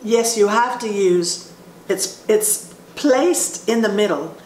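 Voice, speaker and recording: Slow-spoken woman voice teacher. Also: medium pitch, expressive, a little mellow. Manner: explains slowly with frequent restarts. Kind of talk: instructional talk with sung demonstrations. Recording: roomy echo with faint ambient noise.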